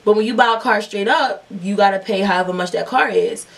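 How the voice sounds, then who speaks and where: A woman's voice: medium pitch, fairly quick, gravelly, far from the mic. A young woman telling a long, profane storytime while doing her makeup, rambling with lots of fillers. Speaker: beauty vlogger.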